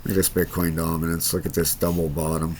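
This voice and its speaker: A man's voice: low-pitched, little pitch movement, fast talker, a little mellow, a little hiss or hum. A man hosting his own crypto channel, talking casually through market charts with lots of fillers and restarts. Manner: rambling, many fillers and restarts. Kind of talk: casual screen-share market commentary.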